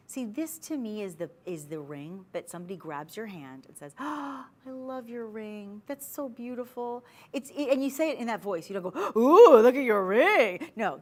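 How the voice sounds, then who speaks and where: A woman hosting a TV shopping channel, giving a chatty, persuasive sales pitch full of asides from a studio.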